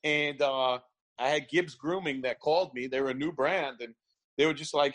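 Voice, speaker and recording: A man's voice: a little high, normal speed. A man telling stories in a casual chat, laughing often and acting out quotes. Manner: animated storyteller, laughs often, acts out quotes. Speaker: guest, barber event founder.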